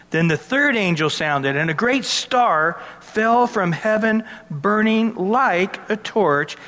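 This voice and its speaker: A man's voice: high-pitched, a bit bright, in a large hall. A man preaching a sermon, reading verses and explaining them in a conversational way with asides to his listeners. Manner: expository Bible teaching, conversational with asides. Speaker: pastor.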